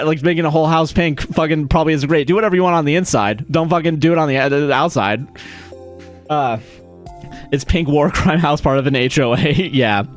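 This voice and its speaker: A young man casually chatting on a live stream, ranting with a lot of swearing and laughing at his own jokes. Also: mid-range voice. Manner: profane, ranting, self-mocking, laughs often.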